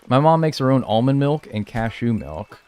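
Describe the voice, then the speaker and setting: A man's voice: mid-range voice, very animated, moderate pace, a little mellow, clear, resonant tone, dry recording. A man streaming live, chatting casually and joking as he reads and answers his chat.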